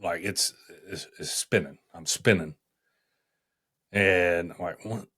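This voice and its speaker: A man, a firefighter guest, tells his story on a podcast, halting often and restarting his sentences. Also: sits low, fairly bright tone, breathy edge.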